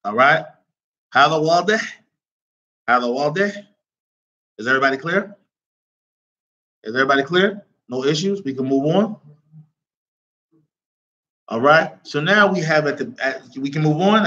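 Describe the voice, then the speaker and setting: A man's voice: on the high side, animated, normal speed, long pauses, pushed and bright, highs cut off. A man teaching an Arabic lesson who keeps checking on his class with repeated questions, reading phrases aloud and then explaining them in English.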